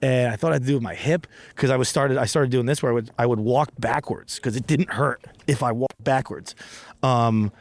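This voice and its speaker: A man's voice: medium pitch, brisk, dry recording. A man hosting a comedy podcast, telling a rambling, profane, self-deprecating story outdoors in a park, with frequent restarts.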